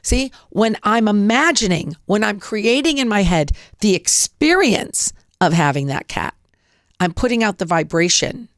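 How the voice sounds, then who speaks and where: An upbeat woman hosts a casual how-to talk in a motivational tone and acts out little examples as she goes. Her voice sits at a middle pitch and sounds dry and close, with no room around it. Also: lively intonation, measured pace, dry recording. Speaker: podcast host.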